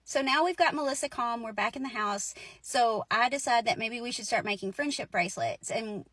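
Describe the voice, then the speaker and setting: A woman in her forties recounts a story in a loose, conversational way, peppering it with "like" and soft laughs. Her voice sits a little high for a woman. The sound is dry, with no room around it. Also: brisk, no echo. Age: 40s. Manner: chatty, lots of "like" and "right?", laughs through lines. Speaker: host telling her ghost stories. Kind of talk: casual spoken storytelling.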